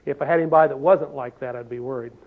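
A man preaching a sermon in a folksy way, often asking the listeners questions and saying "see?". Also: mid-range voice. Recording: tinny phone-like sound.

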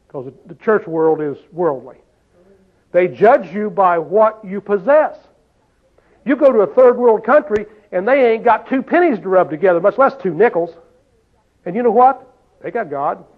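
A man's voice: high-pitched, expressive, moderate pace. A man preaching a sermon in a folksy way, often asking the listeners questions and saying "see?". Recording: tinny phone-like sound.

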